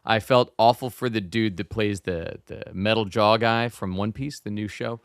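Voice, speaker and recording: Male podcast co-host, clear resonant voice, dry wry humor, close dry mic. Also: fairly low pitch, fairly even intonation, moderate pace, dry recording. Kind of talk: casual chat.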